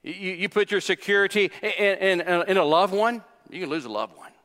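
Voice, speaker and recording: A little fast, an older male pastor's sermon fills a church sanctuary with a bright, ringing, forceful voice pitched somewhat high for a man. Emphatic, he repeats phrases and questions the congregation, while long reverb hangs on each line.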